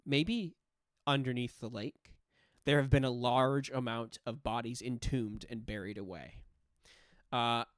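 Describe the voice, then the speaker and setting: A man's voice: medium pitch, no echo, clean studio sound. Man narrating as game master. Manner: descriptive narration with frequent "uh" fillers. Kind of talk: narrating a tabletop role-playing game.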